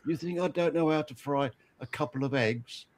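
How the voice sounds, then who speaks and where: Old guy doing an annoyed wife, dry and indignant, quiet. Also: fairly high pitch, normal speed, lightly acted. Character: fed-up wife at the stove.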